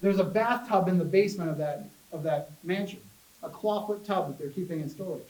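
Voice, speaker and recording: High-voiced chatty man in an echoey room. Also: brisk, recorded from a distance. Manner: chatty storyteller, animated, joking with the audience. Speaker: paranormal investigator giving a talk. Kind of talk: casual public talk. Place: public library meeting room.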